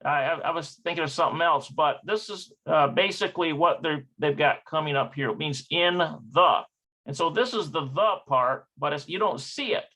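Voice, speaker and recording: Man, study session thinking aloud, hesitant, self-correcting, slightly high voice. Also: normal speed, bright, forceful tone. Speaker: language learner teaching from a textbook.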